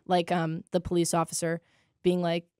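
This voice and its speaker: A woman's voice: fairly low pitch, completely flat delivery, normal speed, mellow, dry recording, clean studio sound. A young woman co-hosting a casual podcast, chatting and giggling as she recaps jokes. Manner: giggly, quotes lines in put-on voices. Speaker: podcast co-host. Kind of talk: casual chat.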